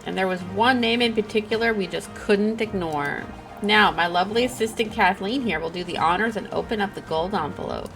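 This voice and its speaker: A woman's voice: mid-range voice, fairly quick, few pauses, music in the background, lightly acted, poor audio. A woman voicing a smug, out-of-touch older male TV host who runs an awards show with corny showbiz patter. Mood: smarmy.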